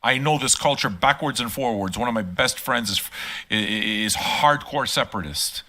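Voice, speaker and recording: Bright-voiced older man ranting playfully. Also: mid-range voice, normal speed. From Quebec. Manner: profane, teasing, rants loudly at times. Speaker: channel host. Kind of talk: casual live-stream monologue.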